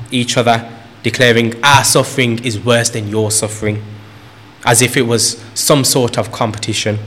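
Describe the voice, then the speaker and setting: A man preaching a sermon in an earnest way, repeating phrases for emphasis and lifting his voice on key points. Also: medium pitch.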